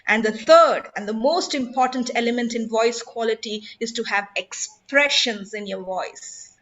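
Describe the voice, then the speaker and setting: A woman's voice: fairly high pitch, measured pace, hardly any pauses, a bit bright, dull audio. A woman, teaching public speaking in an emphatic, instructive way and putting questions to her audience. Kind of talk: online workshop talk.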